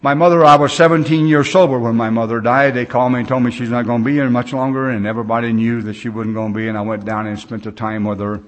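A man's voice: mid-range voice, fairly even intonation, fast talker, few pauses. A man in his sixties speaking at a recovery meeting, telling stories in a folksy, plain-spoken way with loose grammar.

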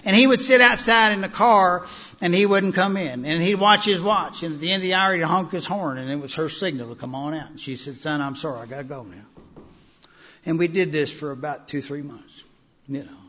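A man's voice: high-pitched, a little fast, bright, forceful tone. A man giving a personal recovery talk to a meeting, telling his story in a folksy way full of "you know". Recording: dull-sounding recording in a reverberant hall.

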